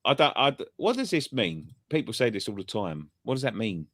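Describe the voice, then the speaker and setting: A man's voice: mid-range voice, sing-song, brisk, a bit bright, no echo, studio quality. Sweary rambling man telling stories. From England. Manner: sweary storytelling, rambling with restarts. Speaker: fan channel presenter. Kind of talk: casual pub chat.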